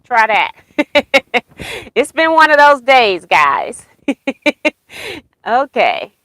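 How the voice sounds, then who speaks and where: A woman's voice: sits high, sing-song, very slow, fairly bright tone, no echo, low-quality recording. A woman hosting a casual quilting live chat, rambling about her plans and reading viewer comments aloud. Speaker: quilting livestream host.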